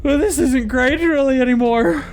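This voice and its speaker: A squeaky, whiny overfed fellow. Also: male voice, moderate pace, faint music behind. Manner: whiny, helpless. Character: overfed whiny male companion.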